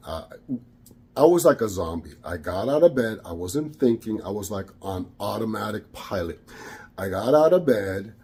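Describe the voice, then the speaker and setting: A man tells a personal spiritual story in a mellow, husky voice. He stumbles and repeats words as he goes and slips Spanish phrases in among the English. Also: lowish voice, expressive, normal speed. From Caribbean. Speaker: spiritual practitioner.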